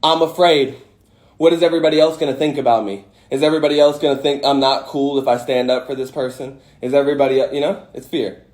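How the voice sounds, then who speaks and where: A man's voice: mid-range voice, steady tone, quick pace, darkish tone. A man hosting a casual livestream, talking into a phone with emphatic rhetorical questions and blunt swearing. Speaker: host of an Instagram live. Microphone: phone mic.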